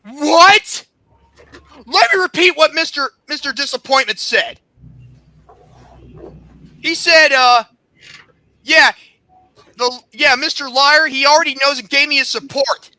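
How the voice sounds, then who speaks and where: This is a podcast host in full rant, his voice pitched unusually high for a man and cutting, almost sharp in tone. He talks with heated indignation and biting sarcasm, repeatedly rising into shouts. The sound is close and dry, with no room around it. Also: a little slow, long pauses, no echo. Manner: sarcastic, mocking. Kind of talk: angry rant.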